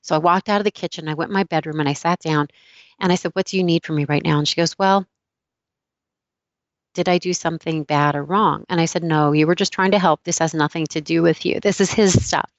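A middle-aged woman giving a self-help talk, calmly telling a personal story and acting out the dialogue in it. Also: sits low, fairly quick, dry recording, lo-fi sound. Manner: calm storytelling with quoted dialogue. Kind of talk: reflective personal teaching talk.

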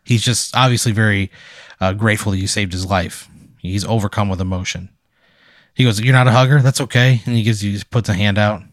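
Low-voiced man spinning a hypothetical. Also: steady tone, brisk, dry recording, studio quality. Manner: casual, rambling, many "like" fillers. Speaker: host narrating a hypothetical. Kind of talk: improvised second-person storytelling.

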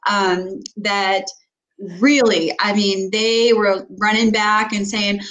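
A woman's voice: mid-range voice, steady tone, takes it slowly, fairly bright tone, low-quality recording. A woman co-hosting a casual talk show, telling stories with lots of fillers and restarts. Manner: storytelling with many fillers and restarts. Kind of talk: casual chat.

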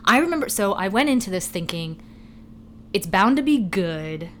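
A woman's voice: mid-range voice, very animated, moderate pace, a bit bright, a little hiss or hum. A woman co-hosting a podcast in casual chat, rambling and swearing freely, laughing as she goes. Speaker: podcast co-host.

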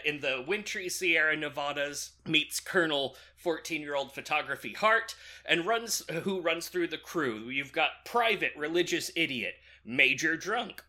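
A man's voice: a little high, pushed and bright. A man casually recapping a film plot for a podcast, joking and laughing, with lots of fillers and restarts. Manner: loose, jokey retelling with many fillers and laughs. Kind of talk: casual movie recap chat.

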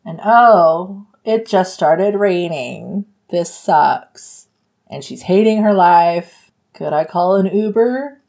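A woman's voice: fairly low pitch, expressive, slow pace, gravelly, a little mellow. A woman hosting a book podcast, retelling the story in a casual chat and acting out quotes with frequent laughs.

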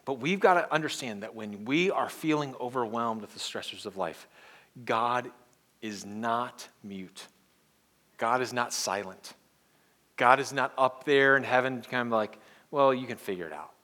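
A male pastor preaching a sermon in an earnest way, moving between hushed and emphatic delivery and leading the congregation in call-and-response. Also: medium pitch, a little slow.

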